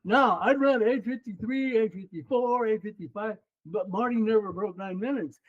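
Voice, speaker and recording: An older man in his seventies, a former runner and coach, recounts his racing days as a podcast guest. His voice sits high for a man and stays lively throughout. The audio is slightly dull and muffled. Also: moderate pace. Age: 70s. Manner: lively, animated storyteller. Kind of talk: casual storytelling interview.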